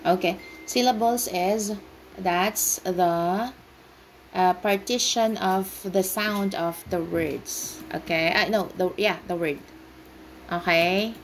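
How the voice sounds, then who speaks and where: A woman's voice: fairly low pitch, slow pace, slight background noise, poor audio. A woman teaching an online English class, patiently explaining words and breaking them into syllables. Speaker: ESL teacher.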